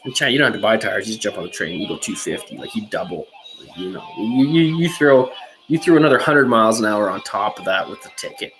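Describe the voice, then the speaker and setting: A woman's voice: extremely low pitch, animated, fast, fairly bright tone, faint music behind, poor audio. A woman hosting a podcast, ranting heatedly with lots of swearing and filler words. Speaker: podcast host. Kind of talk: profane rant on a podcast.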